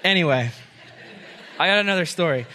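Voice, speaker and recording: A man's voice: sits high, a little fast, a little hiss or hum. A young man preaching a casual sermon, telling a long joke and acting out the characters before turning to the message. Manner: animated storyteller voicing characters. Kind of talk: sermon with storytelling.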